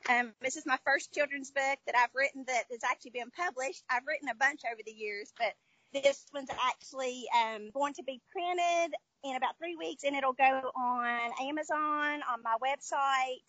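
A high, bright woman's voice with a Southern American twang tells stories in an upbeat, chatty way. The sound is dry and close, and she talks as a guest author in a casual interview. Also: no room sound, low-quality recording. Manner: chatty, upbeat storyteller with fillers. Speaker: children's book author, guest.

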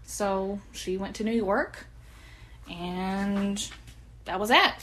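A woman's voice: medium pitch, slow pace, fairly bright tone. A young woman with a slight lisp, telling a story in casual, profane podcast chat. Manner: chatty, profane, laughs often. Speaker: podcast co-host.

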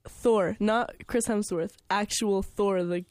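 A woman's voice: mid-range voice, steady tone, darkish tone. A woman hosting a podcast, chatting casually and trading joking quips with her guest. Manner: joking, banters with quick quips. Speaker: podcast host. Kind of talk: casual chat.

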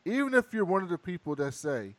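A man's voice: sits high, very animated, quick pace, no room sound. A man co-hosting a podcast, giving wry, questioning commentary in casual chat. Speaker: podcast co-host.

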